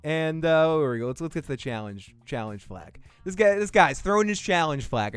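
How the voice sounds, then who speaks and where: A fairly high-voiced man with a Boston accent riffs loosely as a show host, cursing and joking as he goes. His voice is smooth and clean, recorded close and dry. Faint music sits far behind him. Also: animated, moderate pace, few pauses, no room sound. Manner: profane, rambling, jokey riffing. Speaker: podcast host recapping a TV episode. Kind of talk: casual review chat.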